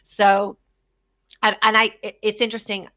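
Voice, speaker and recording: A woman with a New Jersey accent hosting a casual podcast chat, telling animated stories and acting out the voices of the people she quotes. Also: medium pitch, moderate pace. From New Jersey, USA. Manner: animated storyteller who acts out quoted voices. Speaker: podcast host.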